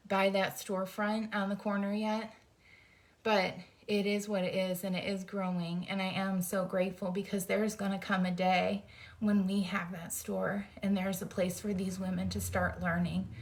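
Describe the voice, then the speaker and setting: A middle-aged woman speaks with earnest, fired-up emotion, hosting her own faith-based vlog. She urges listeners on in a heartfelt, personal way, as if talking straight to a friend. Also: mid-range voice. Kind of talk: heartfelt encouraging talk. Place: indoors, folding t-shirts.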